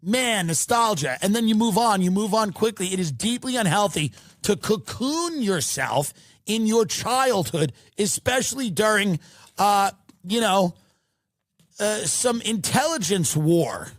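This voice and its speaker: A man's voice: high voice, animated, unhurried, no room sound, clean studio sound. A man hosting a podcast, delivering a mocking comedic rant and swearing freely. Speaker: podcast host.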